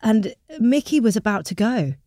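A woman's voice: fairly high pitch, expressive, normal speed, mellow, dry recording, clean studio sound. A woman in casual chat, giggling often and chiming in supportively.

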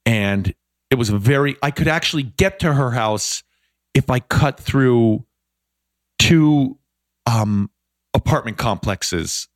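Animated man telling a funny story. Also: mid-range voice, slow, long pauses. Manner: animated, self-deprecating, acts out quotes. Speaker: podcast guest. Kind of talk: casual storytelling chat.

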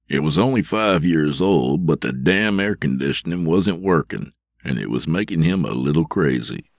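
Very deep-voiced male story narrator. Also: dry recording, studio quality. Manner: steady, measured storytelling. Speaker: narrator, podcast host. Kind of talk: scripted fiction narration.

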